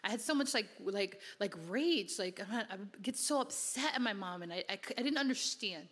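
A woman's voice: medium pitch, animated, brisk, fairly bright tone. Earnest woman testifying in a reverberant hall. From Connecticut, USA. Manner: earnest, conversational, many "you know" fillers. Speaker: speaker giving a testimony. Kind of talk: sermon-style personal testimony.

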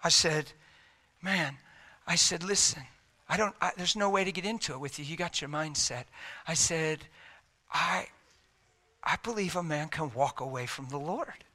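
Male traveling preacher, sermon storytelling, folksy and emphatic, tense bright tone, somewhat high voice. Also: moderate pace, long pauses. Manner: folksy, emphatic, talks straight.

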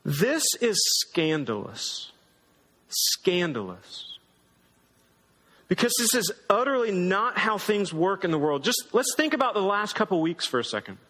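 A man's voice: high voice, animated, a little fast, hardly any pauses, pushed and bright. A man pastor preaching a sermon in a conversational, emphatic way. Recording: long hall reverb.

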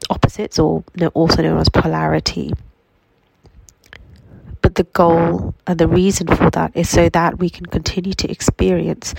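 A woman with a cold and a nasal voice, giving a slow, reflective spiritual self-help talk from her bed at home. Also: fairly low pitch, creaky, husky, no echo, poor audio. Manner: slow, reflective, gently affirming. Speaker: healing coach.

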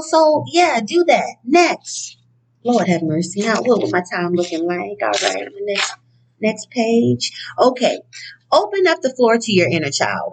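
A woman giving a casual motivational talk from notes, blunt and profane, with animated, emphatic outbursts. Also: on the high side, rough recording. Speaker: speaker on inner-child healing.

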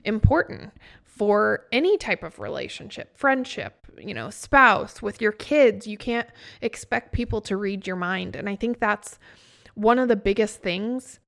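A woman's voice: medium pitch, expressive, a little slow, gravelly, a bit bright. Woman, young adult, podcast co-host, casual chat, storytelling with quoted dialogue.

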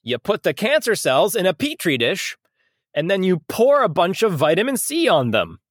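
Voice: medium pitch, wildly swooping pitch, normal speed, no echo, clean studio sound. A podcast co-host chatting casually and joking, laughing often. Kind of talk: casual comedic chat.

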